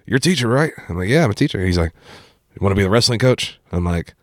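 Deep-voiced man telling stories. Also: fast talker, no room sound, clean studio sound. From Appalachian Kentucky. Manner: animated storyteller who acts out quotes, says dude a lot. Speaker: podcast guest, former high school teacher. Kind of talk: casual storytelling chat.

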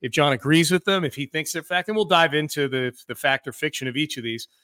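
A man hosting a casual sports podcast, talking quickly with jokes and many restarts. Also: fairly high pitch, pushed and bright, no echo, clean studio sound. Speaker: sports radio host.

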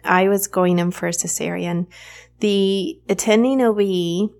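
A woman in her thirties hosting a podcast, telling a personal story in a candid, animated way with frequent fillers. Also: lowish voice, unhurried, creaky. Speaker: podcast host.

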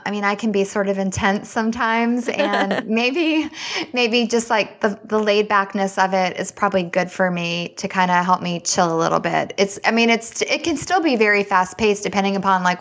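A woman's voice: medium pitch, a bit bright. Chatty Southern woman guest, remote call. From Virginia, US. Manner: chatty, friendly, quick laughs. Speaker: guest author. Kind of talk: casual interview chat.

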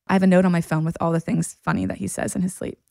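Woman podcast host telling a story, lively, keeps laughing, dry close mic. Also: lowish voice, racing, creaky, dry recording. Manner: animated, laughs often while telling stories. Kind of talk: casual storytelling chat.

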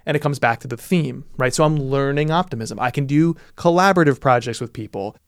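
A man hosting a podcast, talking in a casual, animated way with quick asides. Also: medium pitch, no room sound, studio quality. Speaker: podcast host.

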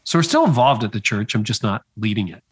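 A middle-aged man, a former pastor, telling his story in conversation, slowing down to stress the key moments. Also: lowish voice, expressive, breathy edge. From Canada. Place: at his home area, speaking remotely.

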